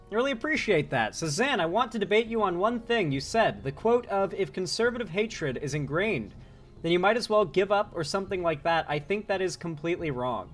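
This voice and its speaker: This is a man running a casual commentary stream, talking in a relaxed, rambling way and laughing often. His voice sits a little high for a man, and faint music plays quietly underneath. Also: a little fast. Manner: laughs often, loose and chatty, reads out viewer donations. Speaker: live-stream commentary host.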